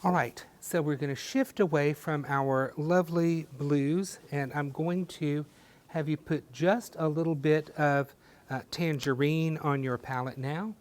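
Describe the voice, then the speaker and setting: A man teaching a step-by-step painting class, talking gently and encouragingly with folksy little sayings. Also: fairly high pitch, fairly even intonation, unhurried. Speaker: painting instructor.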